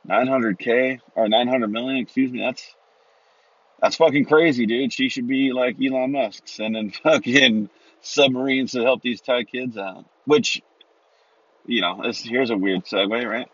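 A man's voice: medium pitch, fairly even intonation, unhurried, fairly bright tone, no room sound. A man ranting in a loose, profane monologue, rambling and tossing in rhetorical asides. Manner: rambling, heavy swearing, rhetorical "right?" asides. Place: Los Angeles area. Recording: dry, slightly dull sound.

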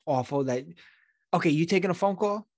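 A man's voice: a little high, a little fast, darkish tone, no room sound, clean studio sound. A man co-hosting a podcast, teasing his partner and laughing through crude banter. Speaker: podcast co-host.

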